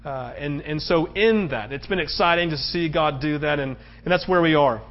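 A male pastor from the United States delivers a relaxed, conversational sermon. His voice sits high, and he leans on rhetorical questions to keep the crowd with him. The recording sounds a bit dull and muffled. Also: normal speed.

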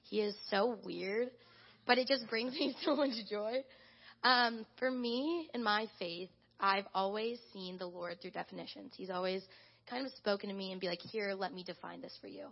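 A woman's voice: mid-range voice, normal speed, muffled recording. A young woman, a church intern, sharing a chatty testimony with her congregation, full of "like". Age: young adult. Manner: animated, chatty, lots of "like". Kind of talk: casual spoken testimony to a congregation.

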